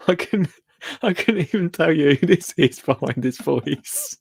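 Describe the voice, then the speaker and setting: Man, podcast host, from the UK, lively up-and-down delivery, fairly high voice, laughs a lot. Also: slow pace, vocal fry, breathy edge, no echo. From United Kingdom. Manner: animated, laughs often, exclaims in disbelief. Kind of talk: live podcast chat.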